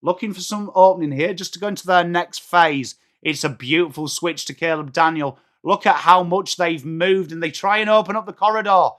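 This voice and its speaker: A man with an English accent provides excitable live football commentary for a watchalong, joking, swearing and shouting at big moments. He's high-pitched, a little fast, and leaves few pauses.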